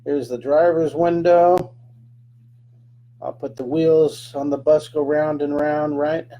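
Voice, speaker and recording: A man's voice: on the high side, steady tone, slow pace, mellow, highs cut off. A man teaching a live drawing lesson, chatting through each stroke with playful sound effects.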